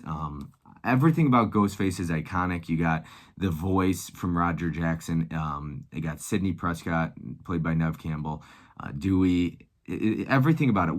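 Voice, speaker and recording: A man's voice: deep voice, fairly bright tone. A man in his thirties, chatting casually and enthusiastically about favorite movies, rambling with fillers. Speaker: movie collector vlogger. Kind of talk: casual chat.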